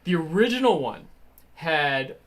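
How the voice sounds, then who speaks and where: Animated man telling a workplace story. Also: a little high, a little slow. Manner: animated storyteller, swears, acts out his own angry outbursts. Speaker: guest, web designer. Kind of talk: casual studio chat.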